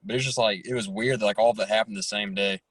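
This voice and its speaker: Halting young man, dry close sound. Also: lowish voice, steady tone, a bit bright, breathy edge, no echo, rough recording. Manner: halting, full of "like" and "I mean". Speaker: guest. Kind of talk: casual chat. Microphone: video call.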